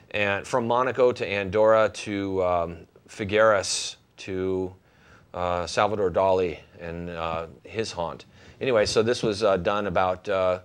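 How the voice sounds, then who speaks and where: A man's voice: low-pitched, clean tone. A man talking casually as a painter guest in an interview, jokey and rambling with many fillers.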